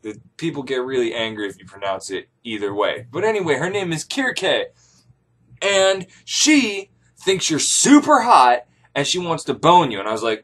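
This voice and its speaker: A man's voice: on the high side, normal speed. A man telling an ancient tale as a comic first-person story, rambling and profane. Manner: animated, profane, rambling jokes. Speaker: comedic storyteller.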